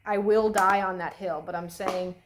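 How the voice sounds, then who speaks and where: A woman's voice: medium pitch, fairly even intonation, normal speed, background noise. A young woman chats away as she does her makeup, dropping swear words and speaking her mind without a filter. Her talk rambles, full of fillers and restarts, with an easy and unpolished tone. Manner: swears freely, chatty and opinionated. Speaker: beauty vlogger. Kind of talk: casual chat while doing makeup.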